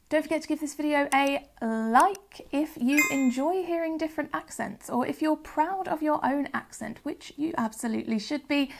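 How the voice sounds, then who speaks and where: A woman with a Southern English accent presenting a phonics lesson, carefully sounding out words. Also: on the high side. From Southern England. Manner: clear, careful modelling of sounds. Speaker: phonics teacher. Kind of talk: educational video presenting.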